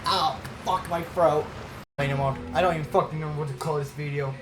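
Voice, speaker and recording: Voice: mid-range voice, steady tone, fairly quick, over music, low-quality recording. Young gamer mumbling and swearing. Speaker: gaming youtuber. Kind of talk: profane casual gameplay commentary.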